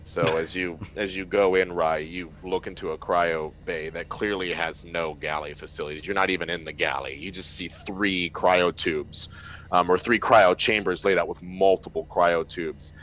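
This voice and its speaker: Deep male game master, relaxed, searching narration. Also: normal speed, slight background noise, rough recording. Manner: loose, searching narration with fillers.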